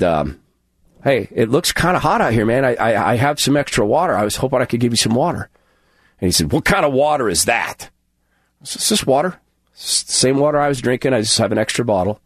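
A man hosting a radio show, telling a personal story in an earnest, halting way and acting out the dialogue. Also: medium pitch, dry recording, studio quality. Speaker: radio host.

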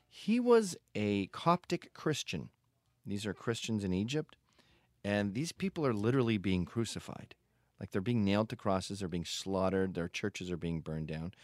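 A man's voice: on the low side, a little mellow, no echo. A man hosting a podcast, talking in a blunt, profane, digressive casual monologue. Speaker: podcast host.

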